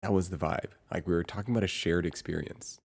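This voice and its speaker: Low-voiced man rambling to his stream. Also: fast talker, gravelly, darkish tone. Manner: rambling, searching for words. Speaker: livestreamer. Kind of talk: casual chat to stream viewers.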